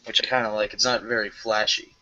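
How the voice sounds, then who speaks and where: Hesitant man with a very bright voice. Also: lowish voice, level tone, fast talker, highs cut off. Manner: hesitant, with many "uh" and "um" and restarts. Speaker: show co-host. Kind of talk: casual review chat.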